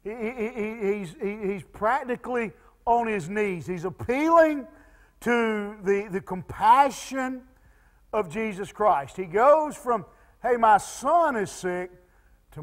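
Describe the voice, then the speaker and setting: A man preaching a sermon as pastor, halting and repeating words with many fillers, dropping to soft pleading tones when quoting. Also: sits high. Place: church sanctuary. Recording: long church reverb.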